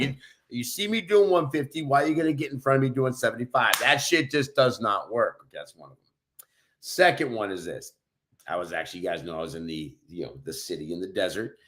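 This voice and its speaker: A man co-hosting a podcast and telling stories in a loud, brash, profane way. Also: mid-range voice. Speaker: podcast co-host. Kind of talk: casual chat, storytelling.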